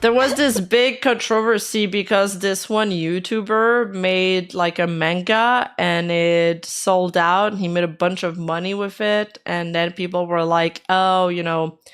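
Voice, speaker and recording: A woman's voice: lowish voice, steady tone, measured pace, hardly any pauses, clear, resonant tone. A woman streamer chatting casually while reacting to videos, her voice sore after being sick and her talk laid-back with casual swearing.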